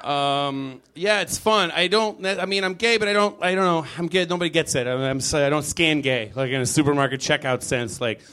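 Wry, high-voiced male stand-up comic. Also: a little fast, few pauses, fairly bright tone. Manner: rambling, wry, self-deprecating. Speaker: stand-up comedian. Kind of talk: stand-up comedy set. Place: comedy club stage. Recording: live club with audience laughter.

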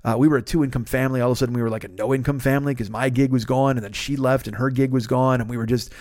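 A man in a middle pitch tells a personal story on his podcast, swearing freely and sounding fed up. The recording is dry and close, with no room around his voice. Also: steady tone, racing, a little mellow, no room sound. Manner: profane, exasperated storytelling. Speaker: podcast host. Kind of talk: casual storytelling monologue. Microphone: podcast microphone.

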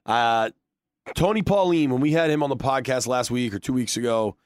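A man's voice: medium pitch, moderate pace, no echo, studio quality. A man hosting a casual sports podcast, joking and teasing his co-hosts. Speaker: podcast host.

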